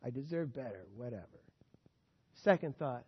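High-voiced preacher in a reverberant hall. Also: male voice, normal speed. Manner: swings between quiet asides and loud emphatic scripture reading. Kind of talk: sermon. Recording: dull sound in a reverberant hall.

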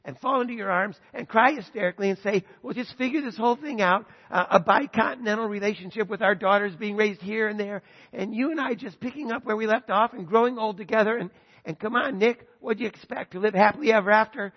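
A man's voice: sits high, fast, pitched above the performer's own voice. A man quoting a sarcastic exasperated mother. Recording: dull sound, long hall reverb.

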